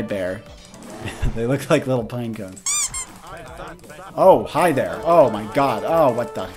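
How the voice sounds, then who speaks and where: An excitable young man runs a let's-play commentary, swearing and exclaiming at every setback. His pitch swings widely while his voice stays mid-range, and faint music plays underneath. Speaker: gaming video host.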